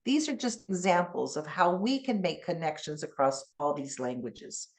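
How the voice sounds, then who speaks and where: Animated woman giving a keynote lecture. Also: low voice, moderate pace. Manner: animated teacherly, asks audience to repeat sounds. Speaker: keynote speaker.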